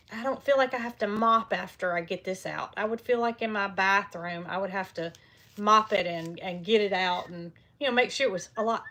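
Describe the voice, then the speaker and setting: A woman's voice: on the high side, fairly bright tone. A woman, chatting casually on a farm live stream from a small heated milk room and cooing at the baby animals now and then. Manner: chatty and folksy, often stops to coo at baby animals. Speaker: farm vlogger.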